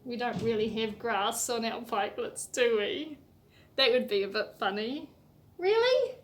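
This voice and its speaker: A New Zealand woman who runs an online children's music session reads a picture book aloud, sing-song and animated, gasping and asking the little ones questions. Her pitch is fairly high and her speed normal.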